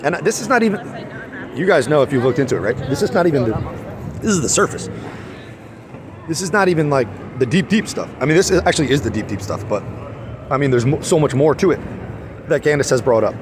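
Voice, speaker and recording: A man's voice: a little high, animated, quick pace, long pauses, noisy background. A man venting in a casual vlog outdoors, heated and rambling, full of restarts and rhetorical questions. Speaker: vlogger.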